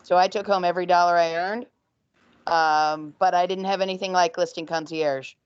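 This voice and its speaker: A woman's voice: fairly low pitch, fairly even intonation, smooth, no room sound. A woman real estate agent with a slightly froggy voice, talking emphatically and repetitively in a video call panel interview. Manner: emphatic, repetitive, talks in rushes. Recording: dull, dry video call audio.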